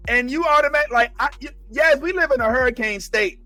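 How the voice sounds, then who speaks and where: A man co-hosting a live chat, animated, rambling with restarts and acting out quotes. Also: extremely high pitch, a little fast, no room sound, faint music behind. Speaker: podcast co-host.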